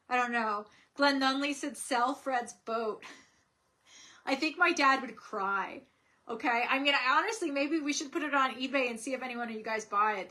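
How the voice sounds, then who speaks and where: A young woman chats through a casual live stream from home, reading viewer comments aloud and laughing easily. Her voice sits a little high and sounds bright and clear. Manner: chatty, giggly, reads viewer comments aloud. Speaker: streamer host.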